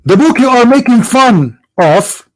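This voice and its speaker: A man's voice: very high voice, very animated, a little slow, rough recording. A man hosting a heated religious debate, taunting with repeated rhetorical questions. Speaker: debate show host.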